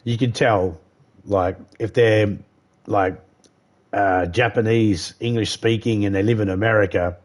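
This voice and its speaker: A man with a lowish voice chats over a live game stream. He rambles, swears freely and repeats his points as he works through them. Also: steady tone, a little slow. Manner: rambling, profane, repeats himself. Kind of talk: casual chat while gaming.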